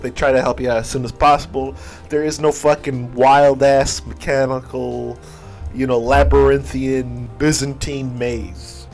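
Male let's-player, mid-pitched, loose and profane, chuckles a lot, faint game music underneath. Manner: rambling, swearing, laughing often. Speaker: video game streamer. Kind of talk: casual let's-play commentary.

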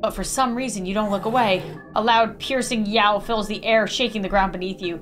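A young adult woman, a gaming YouTuber, reading game text aloud with an animated, dramatic delivery. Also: medium pitch, brisk, faint music behind.

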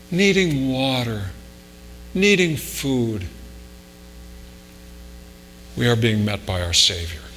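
A male pastor talks his way through a story and then a prayer, stopping to repeat and restart his words. His voice sits at a middle pitch and rings out with a long hall reverb. A faint mains hum runs underneath. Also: a bit bright. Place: church sanctuary.

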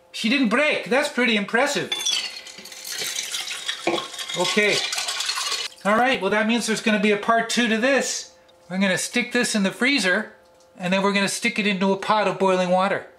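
A man's voice: sits high, sharp tone. A man hosting a home cookware test vlog, who talks playfully to the pan as if it were a person. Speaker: channel host.

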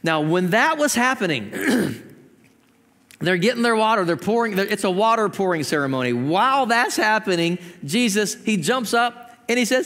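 Pastor guy preaching, pretty high voice, lots of jokes and sudden shouts, big echoey church. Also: big pitch swings, normal speed. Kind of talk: sermon. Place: church sanctuary. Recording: long church hall reverb.

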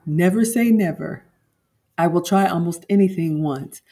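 A woman's voice: on the low side, moderate pace, mellow, breathy edge. A woman home cook vlogger in casual livestream chat, talking straight to her viewers and laughing often.

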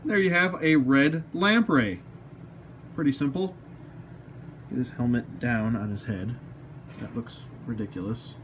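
A man's voice: mid-range voice, measured pace, pauses often. A man chats through a toy unboxing at his desk, rambling along with jokey, self-mocking asides and the odd word to the figure in his hands. His voice sits in a middle range, with a faint room hum behind him. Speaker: toy collector reviewer. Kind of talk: casual unboxing review.

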